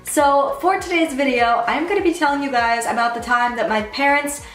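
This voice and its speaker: A woman's voice: high voice, moderate pace, soft background music. Chatty young woman with a roomy echo. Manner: animated, quotes people in lively voices. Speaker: vlogger. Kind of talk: storytime vlog.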